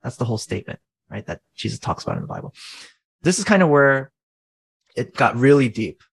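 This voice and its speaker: Gravelly-voiced man explaining earnestly. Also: mid-range voice, sing-song, fairly quick, poor audio. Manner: earnest, teacherly, asks rhetorical questions. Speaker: faith-based coach. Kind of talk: conversational explaining.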